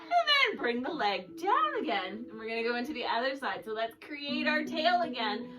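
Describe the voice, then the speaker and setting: A woman's voice: high voice, very animated, moderate pace, heavy background noise. A woman leading a kids yoga class, playful and sing-song as she guides the poses. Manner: playful, sing-song storytelling with animal sounds. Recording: distant mic with loud background music.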